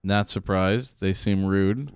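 A man co-hosting a casual podcast, making blunt, deadpan wisecracks. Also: deep voice, slow pace, clear, resonant tone, dry recording, clean studio sound. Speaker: podcast co-host. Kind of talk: casual chat.

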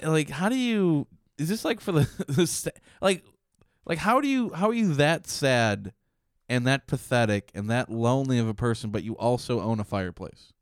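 Male podcast co-host, casual riffing banter, mid pitch, dry close mic. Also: normal speed, no echo. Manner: animated, joking, puts on mock voices.

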